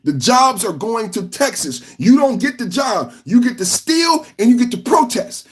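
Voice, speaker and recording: A podcast host from California, giving live reaction commentary in an emphatic, repetitive rant. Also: male voice, very high-pitched, sing-song, moderate pace.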